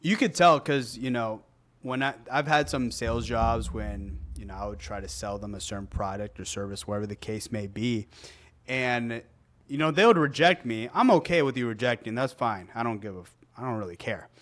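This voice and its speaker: A young man co-hosting a podcast, talking casually, animated and often laughing, mimicking rude tones. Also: medium pitch, moderate pace. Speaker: podcast co-host.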